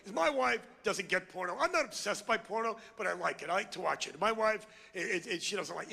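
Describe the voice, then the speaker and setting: Middle-aged guy doing stand-up, ranting fast, gravelly rasp, hollers and insults the crowd. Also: sits high, animated, sharp tone, long reverb tail. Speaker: stand-up comedian. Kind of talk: stand-up routine. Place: comedy club before a live crowd.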